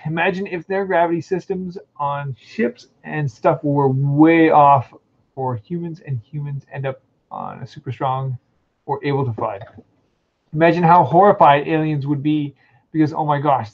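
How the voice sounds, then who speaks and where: A young man co-hosting a casual chat, easygoing and stumbling over words as he reads online posts aloud. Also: a little high. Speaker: co-host. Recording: dull lo-fi sound.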